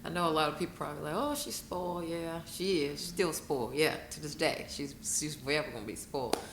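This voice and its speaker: A woman, a guest telling her story in an interview, emotional and quick to break into laughing retellings. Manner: emotional, bursts into laughing high-pitched retellings. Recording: echoey room with noticeable noise.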